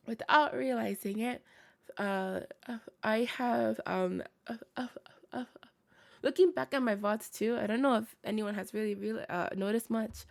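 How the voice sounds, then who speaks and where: A woman's voice: medium pitch, gravelly. A young woman streamer with a scratchy, tired voice, chatting casually with viewers, rambling with many fillers and frequent laughs. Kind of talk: casual livestream chat with viewers.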